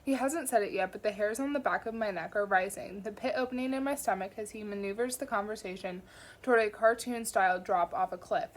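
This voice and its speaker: A woman in the middle of her pitch range reads a novel aloud in a relaxed, homemade style. Her delivery is wry and lively, and she sometimes trips over words and jokes about it before going on. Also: fairly quick. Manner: wry and lively, stumbles and comments on her slips. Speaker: audiobook reader. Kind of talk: casual home audiobook reading.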